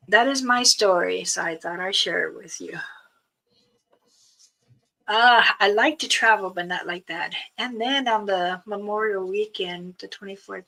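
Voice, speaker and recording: A woman's voice: mid-range voice, sharp tone, low-quality recording. A woman hosting a casual livestream, chatting about a trip with frequent laughs and reading viewer comments aloud. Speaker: livestream host. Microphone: streaming setup.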